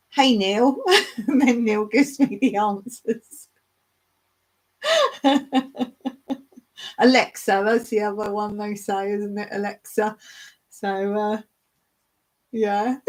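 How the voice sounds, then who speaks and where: A woman's voice: fairly high pitch, low-quality recording. A woman chatting casually with viewers on a live stream, rambling from one thing to the next and laughing often. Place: rural smallholding.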